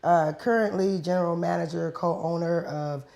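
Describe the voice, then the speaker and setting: A hoarse woman with a raspy, gravelly voice introduces herself in a laid-back, streetwise way. Her voice is lower than most women's. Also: steady tone, moderate pace, a little mellow. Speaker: guest, emcee. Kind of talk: casual self-introduction.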